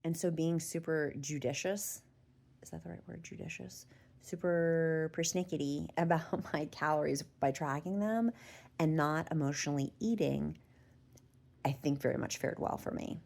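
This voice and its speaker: A middle-aged woman talks straight to her viewers in a loose, chatty vlog. Her voice sits low, with a gravelly fry running through it. She sounds open and emotional. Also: moderate pace, darkish tone. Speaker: vlogger. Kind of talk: casual talk to camera.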